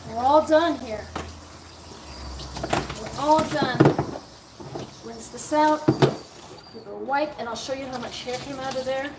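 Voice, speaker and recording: A woman's voice: high-pitched, slow pace, pauses often, distant mic. A woman dog groomer chatting casually with viewers on a livestream while she works, now and then cooing at the dogs. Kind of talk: casual live-stream chat while working. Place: grooming room. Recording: roomy, from off-mic, with noise.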